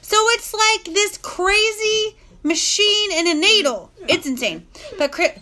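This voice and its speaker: A woman's voice: extremely high pitch, lively intonation, takes it slowly, bright, forceful tone, slight background noise. A young woman, telling a personal story to camera in a casual, chatty way, full of "like". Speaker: vlogger.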